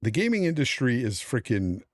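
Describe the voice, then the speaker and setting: A man's voice: medium pitch, big pitch swings, moderate pace, dry recording, clean studio sound. Angry middle-aged man ranting. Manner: angry, profane, emphatic ranting. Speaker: podcast host. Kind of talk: heated panel rant.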